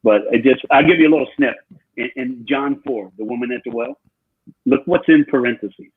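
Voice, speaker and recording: Husky man preaching over a tinny line. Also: mid-range voice, fairly quick. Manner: emphatic, repeats phrases. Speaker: guest speaker. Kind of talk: preaching storytelling. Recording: tinny phone-like call line.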